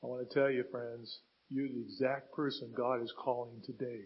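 A man's voice: medium pitch, level tone, normal speed, dull audio, a little hiss or hum. A man preaching a sermon as a pastor, retelling scripture with dramatic rises and falls in emphasis.

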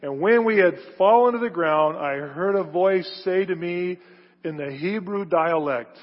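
Husky-voiced preacher in a reverberant hall. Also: male voice, unhurried. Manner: emphatic, builds to loud stressed phrases then drops low. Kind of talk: sermon. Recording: reverberant hall, dull lo-fi sound.

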